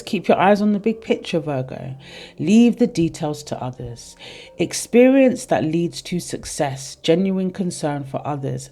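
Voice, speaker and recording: Speaking directly to viewers, a tarot reader in their thirties offers a relaxed reading that wanders and comes from the heart. The voice has a warm tone and sits in the mid range.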